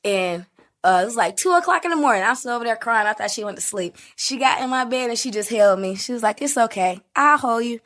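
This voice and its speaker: A young woman with a Southern US accent, telling family stories in an animated, laughing way. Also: a little high, quick pace. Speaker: interviewee, victim's aunt. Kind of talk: casual storytelling.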